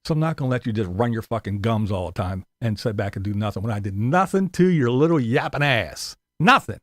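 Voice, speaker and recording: A man's voice: expressive, brisk, fairly bright tone, no echo, studio quality. A man ranting angrily to his viewers, swearing a lot and mocking his critics. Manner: profane ranting with mocking high-pitched impressions. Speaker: YouTuber. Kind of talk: angry ranting vlog.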